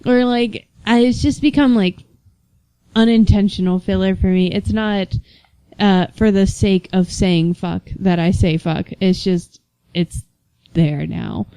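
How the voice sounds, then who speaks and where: A woman's voice: medium pitch, measured pace, dark tone, clean tone, dry recording. A young woman co-hosting a podcast in casual chat, rambling, swearing freely and laughing often. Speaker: podcast co-host.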